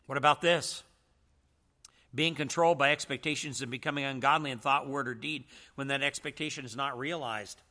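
A man's voice: mid-range voice, fairly even intonation, brisk, pushed and bright. A man teaching a church seminar in a preaching style, emphatic and full of rhetorical questions.

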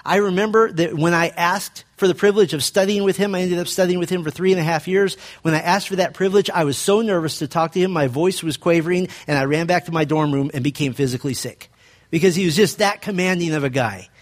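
Speaking fast, a male pastor preaches a sermon built around a personal story. To stress his points, he drops his voice low and quiet.

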